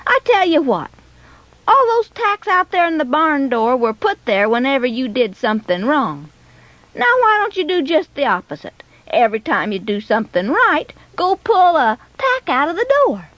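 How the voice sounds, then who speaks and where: A woman voicing an earnest, caring father who speaks quietly but firmly and preaches to his son. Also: high-pitched, sing-song, normal speed, no room sound, muffled recording, pitched above the performer's own voice. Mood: warm.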